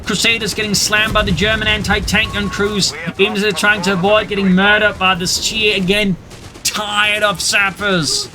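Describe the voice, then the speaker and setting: A man casting a strategy video game, giving brisk, excitable and wry play-by-play commentary. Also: sits high. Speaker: game caster. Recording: commentary over loud game battle sound. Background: gunfire and artillery.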